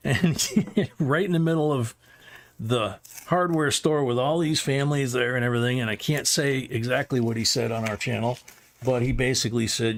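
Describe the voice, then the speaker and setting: A man's voice: mid-range voice, moderate pace, fairly bright tone. A middle-aged man hosting a livestream, rambling through a casual anecdote with chuckles. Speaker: livestream host.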